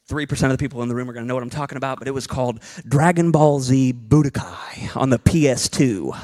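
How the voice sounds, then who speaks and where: A man in his thirties preaching a sermon as a pastor, animated and acting out little dialogue bits. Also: medium pitch.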